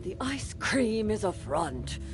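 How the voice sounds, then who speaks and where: An actor playing a manic, child-hating ice cream factory boss in a video game cutscene, who rants and drops into hissing whispers. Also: male voice, sits high, big pitch swings, slow pace, over music, heavily acted. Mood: gloating. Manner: ranting, lurching from shrieks to hissing whispers.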